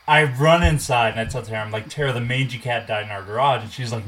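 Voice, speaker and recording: Young adult man, casual and animated storyteller, mid pitch, faint room noise. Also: fast talker, few pauses, rough recording. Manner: animated, swears, acts out quotes.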